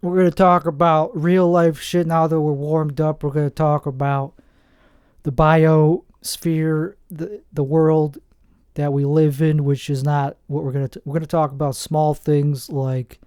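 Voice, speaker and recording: Rambling deadpan man in his forties. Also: fairly high pitch, measured pace, clear, resonant tone, dry recording, clean studio sound. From New Jersey. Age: 40s. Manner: rambling, deadpan, self-mocking asides. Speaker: comedian host. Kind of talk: rambling comedic monologue.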